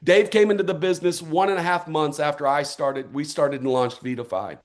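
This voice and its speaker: A man's voice: fairly high pitch, a little fast. Fired-up man giving a pep talk. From United States. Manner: fired-up, punchy, rallying, with repeated short calls to action. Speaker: motivational speaker at a network marketing event. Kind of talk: energetic motivational speech.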